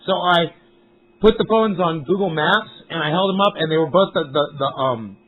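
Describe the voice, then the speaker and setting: Guy livestreaming off his phone outdoors on a hill, high voice, swears a lot, rambly, tinny phone sound. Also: normal speed. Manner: rambling, profane, talks to chat viewers. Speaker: live streamer. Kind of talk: casual live-stream chat. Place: outdoors up on a mountain. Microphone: cell phone. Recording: tinny phone-quality stream audio.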